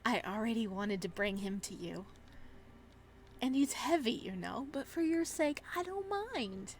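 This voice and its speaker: An obsessive young cannibal stalker from a horror visual novel, eerily calm and doting as he talks, played by a woman reading the game aloud. The lines come softly and evenly, with sudden lifts in pitch. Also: measured pace, a little hiss or hum.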